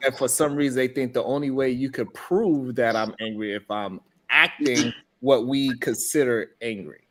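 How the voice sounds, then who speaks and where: A man's voice: mid-range voice, moderate pace, fairly bright tone. A man co-hosting a casual live-stream debate, arguing his point and repeating "right" as he cuts in. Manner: argumentative, repeats "right" while cutting in. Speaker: co-host of a live-stream discussion.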